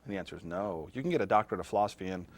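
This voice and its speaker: A man's voice: sits low, lively intonation, rapid-fire, no echo. A middle-aged man, a philosophy professor, lecturing a class in a classroom in a conversational way, often putting questions to his students.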